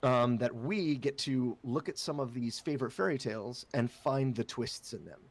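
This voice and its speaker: A man's voice: medium pitch, moderate pace. A man co-hosting a casual chat about a tabletop game, talking loosely with many fillers and restarts. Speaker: co-host and player.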